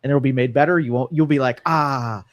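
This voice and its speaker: A man's voice: mid-range voice, steady tone, rapid-fire, a little mellow, lo-fi sound. An American man co-hosting a call-in talk show, teasing his co-host in a wry, joking way. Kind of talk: casual talk show chat.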